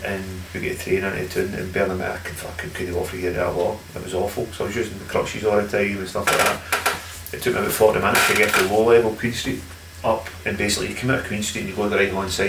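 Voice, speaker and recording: A Glaswegian man with a low, gravelly voice tells stories at a rapid clip, swearing freely and laughing as he goes. He sits off the mic in an echoey room with a faint hiss underneath. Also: far from the mic. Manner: animated, heavy swearing, laughing while telling stories. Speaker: podcast guest. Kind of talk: casual storytelling.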